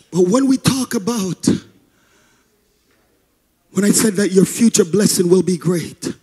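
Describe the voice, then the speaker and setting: High, husky chanting preacher man. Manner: chanted, sing-song preaching with rhythmic "uh" breaths, rising to shouts. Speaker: pastor. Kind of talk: sermon. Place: church service.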